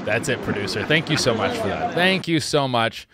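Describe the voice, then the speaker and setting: A man hosting a comedy podcast, rambling casually and swinging between loud outbursts and quiet mutters. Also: mid-range voice, animated, moderate pace, a loud crowd. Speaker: podcast host.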